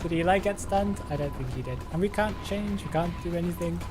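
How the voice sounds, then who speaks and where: A game streamer chats on a live stream in a mid-range voice, talking fairly quickly. He thinks out loud, answers chat and laughs a lot, with stream music playing in the background.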